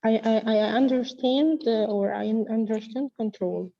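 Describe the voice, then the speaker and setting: A woman's voice: a little high, moderate pace, creaky, lo-fi sound. A woman trainee asking the trainer questions hesitantly, stumbling over her words. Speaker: trainee teacher.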